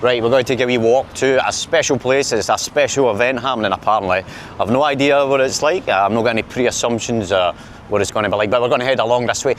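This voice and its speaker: A man's voice: mid-range voice, fast talker, slight background noise. Chatty Glaswegian man walking city streets. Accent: Glaswegian Scottish. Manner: chatty, jokey, talking to viewers. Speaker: vlogger. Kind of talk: casual walking vlog chat. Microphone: handheld camera while walking.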